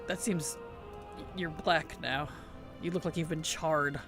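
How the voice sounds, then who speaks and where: A man streaming a video game, chatting in a playful, giggly and animated way. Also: a little high, takes it slowly, over music. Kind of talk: casual gaming stream chat.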